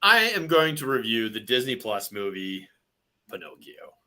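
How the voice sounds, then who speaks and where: A man's voice: medium pitch, big pitch swings, moderate pace, sharp tone. Chill guy co-hosting, dry jokes, voice goes up and down a lot. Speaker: podcast co-host. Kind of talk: casual chat.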